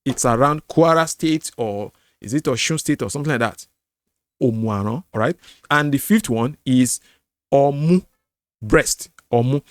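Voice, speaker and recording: A middle-aged Nigerian man with a Yoruba accent hosts a screen-share language lesson, explaining slowly, repeating words and singing tone syllables. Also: mid-range voice, expressive, no room sound, studio quality. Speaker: apologetics channel host.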